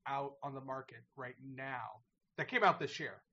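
A man's voice: medium pitch, moderate pace, sharp tone, lo-fi sound. A man in casual podcast chat about games, earnestly explaining his reasons.

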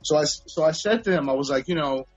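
A man with a husky, slightly breathy voice rattles off rambling, profane stories at a quick clip. The sound is dull and lo-fi, as if from a remote call, with a dry, close feel. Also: on the high side, dry recording, faint music behind. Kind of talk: casual storytelling chat. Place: at home.

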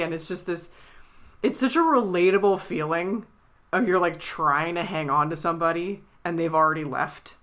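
A woman with a low yet bright, ringing voice chats casually as a podcast co-host. She is tearful and animated, slipping into high, squeaky impressions of the characters as she retells scenes. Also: normal speed. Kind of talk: casual chat.

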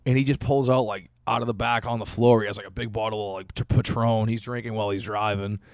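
A man's voice: fairly low pitch, steady tone, fast, no echo, clean studio sound. A young man telling a rambling story in casual chat, full of "like" and "dude". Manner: rambling, laid-back, lots of "like" and "dude".

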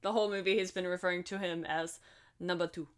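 A woman's voice: fairly low pitch, fairly even intonation, quick pace, smooth. A woman co-hosting a podcast, breezily recapping a film plot with frequent laughs and swearing. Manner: breezy, profane, laughs often. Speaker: podcast co-host. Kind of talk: casual movie recap chat.

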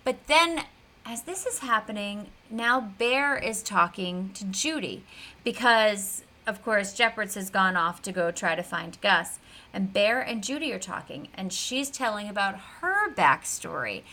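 Bright, chatty woman podcast host. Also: medium pitch, a little slow. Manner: animated, chatty retelling with many fillers. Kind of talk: casual recap of a TV episode.

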